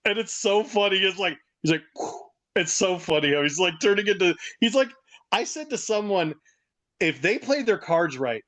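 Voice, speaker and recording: A man with a fairly high voice chatting casually on a podcast. He tells stories in an excitable rush and breaks into laughter often. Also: normal speed. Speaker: podcast co-host. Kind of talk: casual chat.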